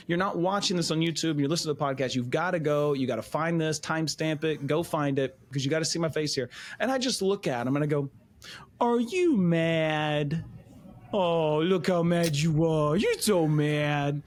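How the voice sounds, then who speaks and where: A man's voice: a little high, fast talker, few pauses. A man co-hosting a casual faith podcast, telling playful, self-mocking stories. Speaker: podcast co-host.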